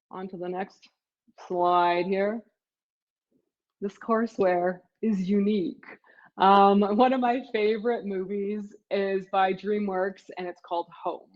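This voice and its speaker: Middle-aged woman professor, casual slide walkthrough, lots of "you know", mid pitch, a bit lo-fi. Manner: chatty, many fillers like "you know" and "sort of". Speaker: professor and textbook author. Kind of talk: casual product presentation over slides. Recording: slightly dull lo-fi audio.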